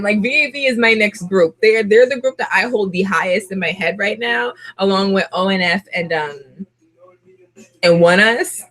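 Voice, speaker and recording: Speaking at a normal speed with a medium pitch, this young vlogger of Puerto Rican heritage chats casually on camera. She laughs often and gushes with the energy of an excited fan.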